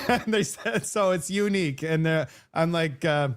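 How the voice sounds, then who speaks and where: A man's voice: on the high side, measured pace, smooth. French-Canadian man hosting a live stream, rambling. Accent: Vancouver French-Canadian. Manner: rambling, many restarts and fillers. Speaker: host of a live show. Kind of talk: casual live-stream talk.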